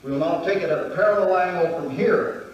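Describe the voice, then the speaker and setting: A man's voice: sits high, a little fast, highs cut off, a little hiss or hum. A man instructing a weapons demonstration in a methodical way, counting out each movement. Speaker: martial arts instructor. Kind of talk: demonstration lesson. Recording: very echoey hall, distant mic.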